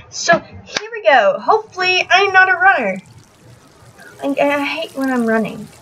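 A woman's voice: high voice, very animated, a little slow, a bit bright, a little hiss or hum, poor audio. A young woman hosting a gaming channel, giving live gameplay commentary, often frustrated, swearing, and laughing at herself.

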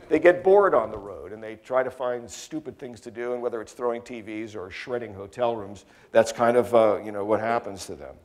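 A middle-aged American man giving a talk, telling lively anecdotes in a chatty way with plenty of fillers. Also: medium pitch, brisk.

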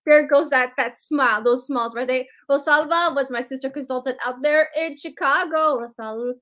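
A woman's voice: sits high, normal speed, fairly bright tone. A woman hosting a live sales stream, greeting viewers by name in a bubbly, chatty way.

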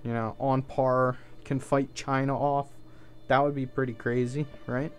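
A man's voice: medium pitch, flat delivery, measured pace, faint music behind. A man giving casual gameplay commentary, thinking aloud in an offhand way and swearing now and then. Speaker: let's play host.

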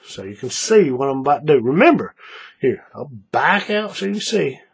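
A man's voice: on the high side, big pitch swings, moderate pace, creaky, slightly rough. Folksy man talking through a craft demo. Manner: folksy, repeats steps, checks in with viewers. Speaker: paracord craft instructor. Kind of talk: hands-on tutorial narration.

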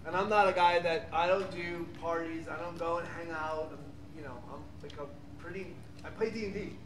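A middle-aged man telling lively, rambling stories as a guest on a convention panel. He laughs often and fills his pauses with "um" and "like.". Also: on the high side. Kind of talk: animated panel storytelling. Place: large convention hall. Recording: echoey, distant, noisy convention hall.

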